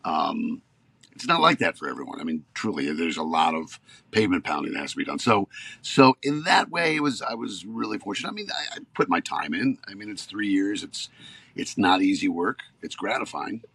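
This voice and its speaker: A fifty-something actor on a podcast spins stories in casual chat, growing animated and worked up. He speaks a little fast in a low, gravelly, husky voice, and the recording is dry.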